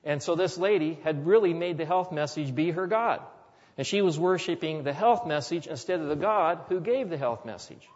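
A man's voice: fairly high pitch, moderate pace, darkish tone. A man preaching a sermon as a pastor, earnest and building to emphatic repetition. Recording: long hall reverb, dull lo-fi sound.

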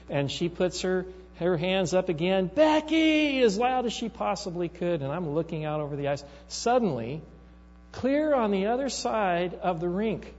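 A man's voice: sits high, a little mellow. A male pastor preaching a sermon, telling a story and building to emphatic rises. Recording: reverberant hall, dull sound, mains hum.

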